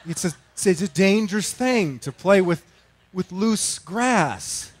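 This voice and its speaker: A middle-aged male pastor telling a story in a sermon, self-mocking and animated, swinging from loud to hushed. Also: sits high, takes it slowly, dry recording.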